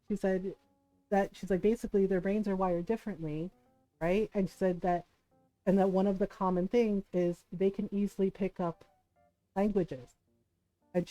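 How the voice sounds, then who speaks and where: Brief: woman streamer, animated storyteller, mid-pitched voice, faint music underneath. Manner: animated, laughs often, acts out quoted people. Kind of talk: casual storytelling while gaming.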